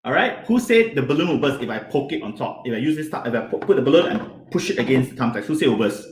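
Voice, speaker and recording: A man teaching a hands-on science lesson to children, animated and constantly asking them questions. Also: medium pitch, quick pace, reverberant.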